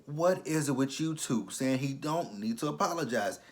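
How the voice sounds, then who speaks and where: A man's voice: medium pitch, expressive, normal speed. A man giving a casual, blunt and profane recap of a TV episode, exasperated with the characters. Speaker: TV show reviewer.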